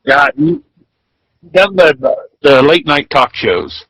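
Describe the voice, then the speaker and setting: Husky man, loose filler-heavy chat. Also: fairly high pitch, big pitch swings, slow, fairly bright tone, dry recording, rough recording. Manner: loose, full of fillers like "you know". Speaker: podcast co-host. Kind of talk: casual chat. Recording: dry close sound.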